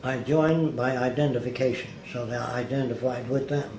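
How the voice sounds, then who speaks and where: An older man being interviewed, telling stories slowly and deliberately and acting out what other people said. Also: medium pitch, a little mellow. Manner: deliberate, slow-paced storyteller who mimics others' words. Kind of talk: anecdotal storytelling. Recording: echoey room with faint background noise.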